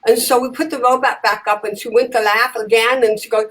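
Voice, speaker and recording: A woman telling lively stories in casual conversation, acting out the voices of the people in them. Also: a little high, quick pace, hardly any pauses, low-quality recording. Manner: animated, acts out voices in her stories. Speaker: guest, comedian and advocate. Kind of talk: conversational storytelling.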